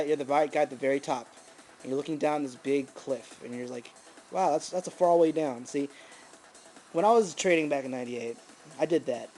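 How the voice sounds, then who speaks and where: Man thinking aloud over stock charts. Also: mid-range voice. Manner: thinking aloud, murmuring ticker names, bursts of excitement. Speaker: stock trader reviewing charts. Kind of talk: casual screen-recorded market commentary.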